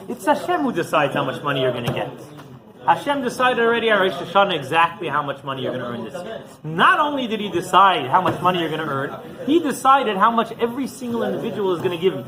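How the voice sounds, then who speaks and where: Animated rabbi telling a story. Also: male voice, high-pitched, fast talker, a crowd in the background, low-quality recording. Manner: animated, questioning the listeners. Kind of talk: storytelling sermon.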